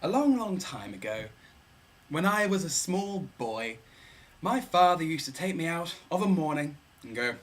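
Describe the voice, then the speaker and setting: A man's voice: on the high side, sing-song, measured pace. A young man casually explaining a philosophy idea on his vlog, playful and rambling, repeating words for effect.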